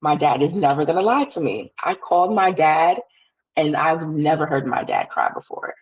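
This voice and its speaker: Husky young woman telling a candid story. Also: low voice, animated, highs cut off. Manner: candid, quick, acts out quoted dialogue. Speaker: podcast guest. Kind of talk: personal storytelling in an interview.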